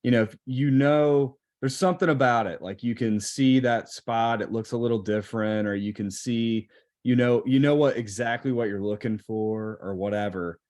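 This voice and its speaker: A man's voice: medium pitch, moderate pace, a little mellow. A man guest on a podcast, talking casually in a rambling, hesitant way with many fillers.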